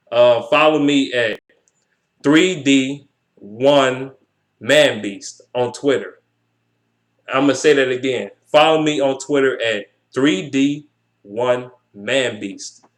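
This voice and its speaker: A man's voice: mid-range voice, a bit bright. A young man ranting heatedly about basketball as a sports vlogger, swearing and repeating himself. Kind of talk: profane sports rant.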